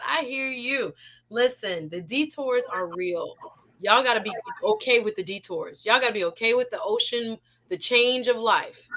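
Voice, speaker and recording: A woman's voice: mid-range voice, a bit bright. A woman hosting a live online talk show, reading viewer comments and encouraging her audience with an exuberant, preachy manner and frequent laughter. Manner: exuberant, preachy, laughs often, talks to the chat.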